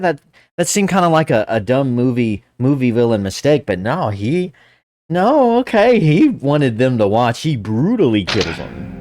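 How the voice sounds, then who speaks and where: A man's voice: a little high, huge pitch swings, a little slow, darkish tone, no echo, studio quality. A man chatting casually, laughing and thinking aloud while he reacts to a show. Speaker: reaction video host. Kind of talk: casual commentary while watching.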